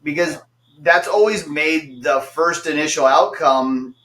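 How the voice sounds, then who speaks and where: A man's voice: fairly high pitch, fairly bright tone, slight background noise. A man hosting a casual podcast, blunt and profane, speaking with confidence. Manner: blunt, profane, quick to agree. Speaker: podcast host. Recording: echoey room.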